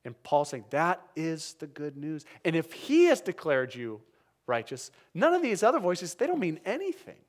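A male pastor delivers a sermon with earnest conviction, his voice sitting a little higher than most men's. He swings between brisk, lively stretches and quiet, emphatic lows. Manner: earnest, dynamic, drops to soft emphatic lows.

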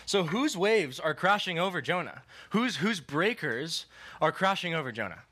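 A young man giving a sermon in a relaxed, conversational way, telling a story and checking in with listeners. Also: on the high side, moderate pace. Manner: casual, conversational, lots of "like" and "okay". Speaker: preacher.

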